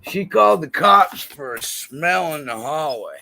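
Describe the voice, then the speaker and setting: Man, drunk and high, gravelly, animated, profane storyteller. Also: a little slow. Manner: swearing constantly, laughing mid-story. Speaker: livestream host.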